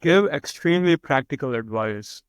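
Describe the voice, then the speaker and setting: A practical man explains his company's product in plain terms on a podcast. His voice is middle-pitched. The recording is dry and close. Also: expressive, normal speed, clear, resonant tone, no room sound. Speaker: co-founder. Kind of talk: casual podcast chat.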